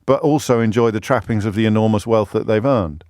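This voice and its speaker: A man hosting a radio phone-in, talking quickly and emphatically and cutting in on his callers. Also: lowish voice, a little mellow, no echo. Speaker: radio talk show host.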